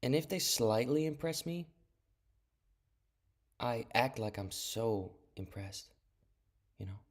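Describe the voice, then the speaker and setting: A man's voice: medium pitch, animated, slow. A man ranting on a live stream in a casual, profane and dismissive way, rambling and restarting his sentences, talking into an earphone mic.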